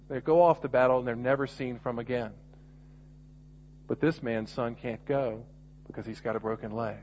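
A middle-aged man preaching a sermon, earnest and restarting often as he builds to emphatic points. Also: mid-range voice. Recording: muffled lo-fi recording.

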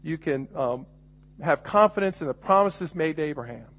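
A man's voice: on the high side, lively intonation, normal speed, fairly bright tone. A middle-aged man preaching a sermon, earnest and restarting often as he builds to emphatic points. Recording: muffled lo-fi recording.

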